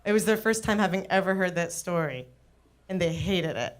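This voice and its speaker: A woman's voice: fairly low pitch, moderate pace. A young adult woman performing a stand-up comedy set on a club stage, chatty and self-deprecating with lots of "like".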